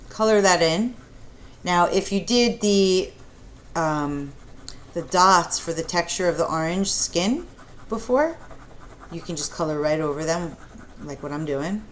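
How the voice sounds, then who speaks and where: A woman teaching a preschool art lesson in a gentle, encouraging way, talking the children through each step and asking them questions. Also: low-pitched, slight background noise.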